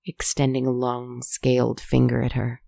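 A calm storybook narrator with a measured, soft delivery. The voice has a creaky, gravelly texture and stays fairly level in pitch. It is recorded close and dry. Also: no echo. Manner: calm, measured, softly spoken.

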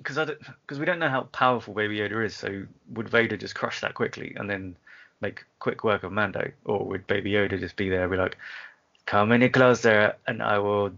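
A man co-hosting a casual podcast, his voice bright with a gravelly, creaky texture. He talks in lively swings of pitch, laughing often and trailing off mid-thought. The recording is muffled and lo-fi. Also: fast. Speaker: podcast co-host. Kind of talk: casual banter. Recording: dull lo-fi podcast sound.

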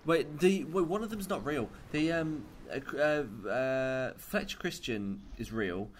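A man's voice: fairly high pitch, a little slow, slight background noise. A man co-hosting a podcast about films, talking casually with hesitations and fillers. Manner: animated, hesitant, chatty. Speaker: podcast co-host. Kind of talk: casual chat.

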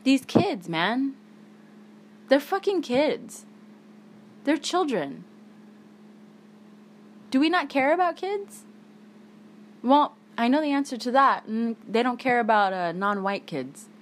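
A woman's voice: high voice, lively intonation, slow, pauses often, a little hiss or hum. Angry, tired woman swearing on a podcast. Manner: angry, heavy swearing, emphatic. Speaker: podcast host. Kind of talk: solo podcast monologue.

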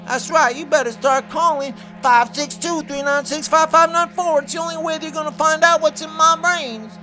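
A woman hosting her own show, delivering a rambling, excitable comedic rant and repeating herself. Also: high voice, normal speed, soft background music. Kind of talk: comedic ranting monologue.

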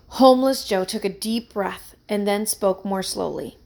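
A woman narrating a children's mystery story aloud in an even, plain way. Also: mid-range voice, unhurried, vocal fry, few pauses.

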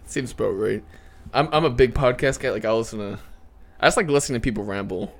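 A man's voice: mid-range voice, quick pace. A young man hosting a casual podcast with friends, telling rambling stories and laughing often. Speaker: podcast host.

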